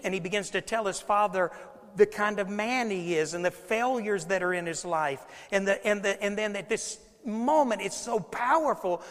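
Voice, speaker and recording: A man with a high voice delivers a sermon in a church, his words trailing off in a long hall reverb. He is conversational and emphatic, repeating phrases and turning straight to the congregation. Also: fairly bright tone. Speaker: preacher.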